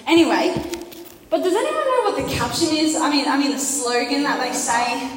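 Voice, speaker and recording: A woman's voice: high voice, lively intonation, normal speed, slight background noise. A woman giving a casual, playful youth sermon, chatting and teasing her listeners with questions. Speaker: youth preacher. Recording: echoey hall from far off.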